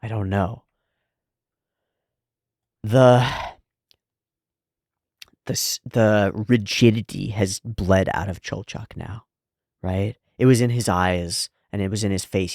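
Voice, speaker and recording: A man with a fairly low voice talks through an anime episode in loose, reflective commentary. He thinks aloud and leans on "like" as he works out his points. The recording is dry and close, with no room sound. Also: fairly even intonation, takes it slowly, long pauses, a little mellow, dry recording. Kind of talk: casual analytical commentary.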